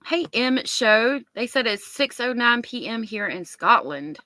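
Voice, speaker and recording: A woman's voice: a little high, expressive, a little slow, bright, forceful tone, no echo. A woman hosting a casual livestream, reading viewer comments aloud and reacting to them. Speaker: livestream host.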